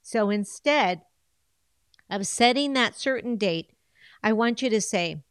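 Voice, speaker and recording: A woman's voice: a little high, lively intonation, slow pace, long pauses, clean tone, dry recording, clean studio sound. A woman coaching her audience on goal setting, switching between English and Spanish with a coaxing manner and repeated phrases. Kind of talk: bilingual coaching talk.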